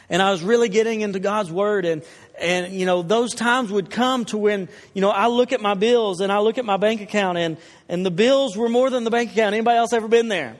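A man preaching a sermon, talking conversationally and telling stories with asides to the congregation. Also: sits high. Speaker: pastor. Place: church hall. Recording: long reverb of a large hall.

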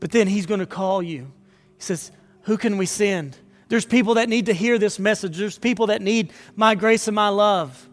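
High-voiced preaching man in a reverberant hall. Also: normal speed, soft background music. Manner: earnest preaching, rising to fervent appeals. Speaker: pastor. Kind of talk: sermon.

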